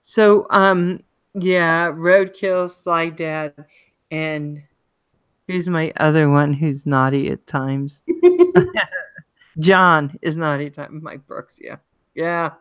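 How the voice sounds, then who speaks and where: A woman's voice: low voice, steady tone, slow, a bit bright, smooth, no room sound. A woman livestream host with a Maryland accent, chatting casually, reading viewer comments and greeting people by name.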